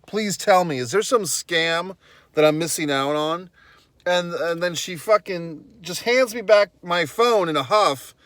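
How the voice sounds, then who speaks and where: A YouTube vlogger outdoors, his voice on the high side with no echo, rants casually to camera, telling a story to his viewers in a blunt, profane, exasperated way.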